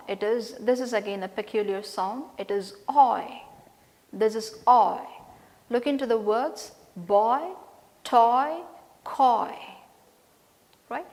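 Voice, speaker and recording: A woman lecturer of English giving a slow, deliberate pronunciation lesson, repeating each sound and word list and checking in with "right?". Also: on the high side, fairly bright tone, long reverb tail.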